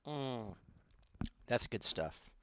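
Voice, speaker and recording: A man's voice: mid-range voice, lively intonation, drawn-out words, vocal fry, fairly bright tone, clear, resonant tone, no room sound, clean studio sound. A man hosting a podcast in casual chat, rambling and self-deprecating, with lots of fillers. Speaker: podcast host.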